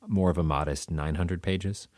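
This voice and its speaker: A middle-aged man in relaxed conversation who talks through his ideas, hedging and rephrasing as he goes. His voice is deep and sounds dry and close to the mic. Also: moderate pace, no echo. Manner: thoughtful, hedging, restarts phrases. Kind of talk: casual chat.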